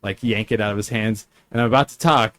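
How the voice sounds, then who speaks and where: A man's voice: fairly low pitch, fast, fairly bright tone, no room sound. A man hosting a casual chat, telling a story with lots of fillers and restarts. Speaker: podcast host.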